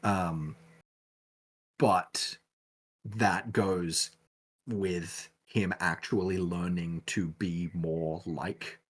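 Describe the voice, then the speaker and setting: Casting: low, husky-voiced man, casual podcast guest who rambles and restarts a lot. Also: fairly even intonation, very slow, long pauses. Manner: rambling, many fillers and restarts.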